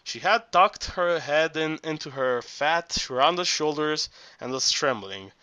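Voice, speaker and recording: A man narrating an audiobook in a halting reading voice, often stumbling and restarting words. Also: a little high, lively intonation, bright, forceful tone, dry recording.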